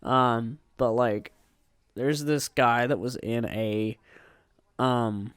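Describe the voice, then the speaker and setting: A young man chats on a podcast, slow and relaxed with plenty of ums. His voice is smooth and clear, recorded dry and close with no room sound. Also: mid-range voice, no echo. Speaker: podcast co-host. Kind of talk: casual chat.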